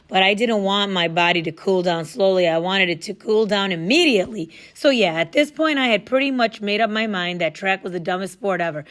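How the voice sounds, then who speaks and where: A woman reading a first-person story aloud in a casual, lively storytelling manner. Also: mid-range voice, brisk, hardly any pauses. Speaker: audiobook narrator.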